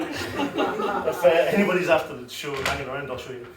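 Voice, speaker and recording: A man's voice: fairly high pitch, a little slow, hardly any pauses, a loud crowd. A young man doing a crude, self-deprecating stand-up set at an open mic, telling stories and laughing at himself. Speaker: stand-up comedian. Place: comedy club stage with audience. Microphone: handheld corded mic, recorded from far. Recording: echoey club room from far off.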